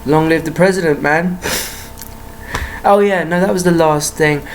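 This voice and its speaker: A woman's voice: deep voice, measured pace, a little hiss or hum. A woman ranting to camera in a heated, profane monologue full of rhetorical questions. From United Kingdom. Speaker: vlogger.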